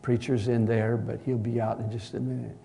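A preacher voicing a church secretary, speaking softly and patiently to calm someone. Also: male voice, mid-range voice, brisk, gravelly, slight background noise, lightly acted. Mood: soothing. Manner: soothing, patient, soft. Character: calm middle-aged woman, church secretary.

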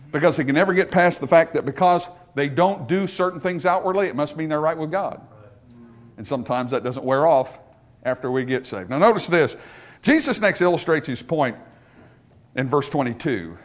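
A man delivering a sermon at a church service, his pitch rising and falling in a lively, sing-song way. His voice sits a little high for a man. He preaches with animation and drops in playful asides. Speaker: pastor.

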